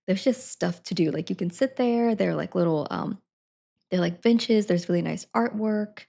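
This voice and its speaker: A woman's voice: medium pitch, creaky, a little mellow. A young woman streaming live from her desk at home, chatting to viewers in a rambling way and laughing often. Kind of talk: casual chat to viewers.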